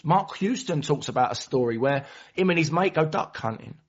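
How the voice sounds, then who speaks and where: A man's voice: a little high, expressive, moderate pace, breathy edge. A man giving a passionate, storytelling share at a recovery meeting, sometimes acting out other people's voices. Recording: dull lo-fi recording.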